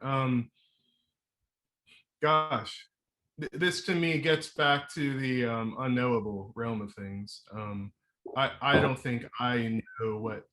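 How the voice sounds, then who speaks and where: A man hosting a casual conversation, hesitant and searching for words, with many pauses and restarts. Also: mid-range voice, fairly bright tone. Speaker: host.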